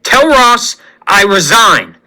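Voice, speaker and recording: A man voicing an indignant male soldier who talks in sharp, forceful protests. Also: a little high, big pitch swings, moderate pace, voice pushed down, full character voice. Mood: furious. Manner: shouting, indignant. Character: outraged male soldier in armor.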